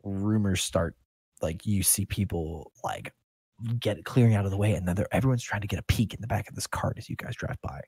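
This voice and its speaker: A man's voice: fairly low pitch, brisk, darkish tone, slightly rough, dry recording. A man narrating a tabletop game as game master in an easygoing, rambling way.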